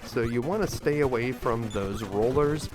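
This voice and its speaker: A man host narrating a scripted video game walkthrough in an upbeat, lightly joking way, over clear game music. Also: mid-range voice, moderate pace.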